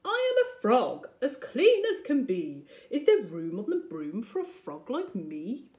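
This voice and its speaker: A woman voicing a keen, polite male frog in a children's storybook, with an eager, bright delivery. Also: on the high side, wildly swooping pitch, unhurried, roomy sound.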